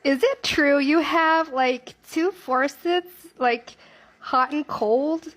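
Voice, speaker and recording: A woman asking clueless questions, padding them with filler words. Her voice sits a little high. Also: takes it slowly, a bit bright. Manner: naive, questioning, filler-heavy. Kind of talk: casual social media questions.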